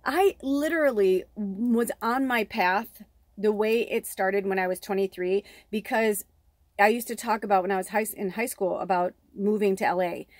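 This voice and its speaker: A middle-aged woman from Chicago's south suburbs talks through a spiritual reading in a loose, wandering way, drifting into side stories and dropping curse words without a second thought. Her voice sits at an ordinary middle pitch and is recorded dry and close, with no room sound around it. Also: moderate pace, no room sound. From south suburbs of Chicago, USA. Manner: rambling, digressive, candid, swears freely. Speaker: tarot reader and medium.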